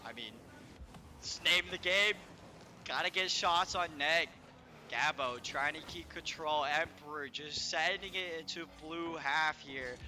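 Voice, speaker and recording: A young man calls esports play-by-play in a high, very bright voice, rattling off player names as the action moves. A faint hiss of background noise sits under his commentary. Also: measured pace. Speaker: esports caster.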